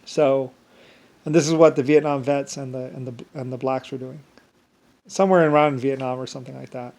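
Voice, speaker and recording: A man's voice: mid-range voice, fairly even intonation, fairly quick, creaky, darkish tone. A man talking alone in a meandering monologue, full of restarts and filler words. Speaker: solo vlogger. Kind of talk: rambling monologue.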